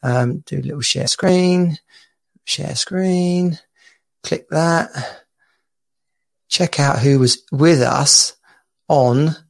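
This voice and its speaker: A man co-hosting a podcast as a dad coach, in casual chat, talking in quick restarts and laughing often, heard over a video call. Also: fairly high pitch, gravelly.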